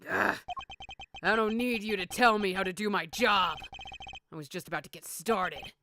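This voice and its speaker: A woman's voice: mid-range voice, moderate pace, bright, forceful tone, a little hiss or hum. A woman voicing a hot-headed male police agent who barks accusations, over game music. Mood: gruff. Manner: barking, accusing.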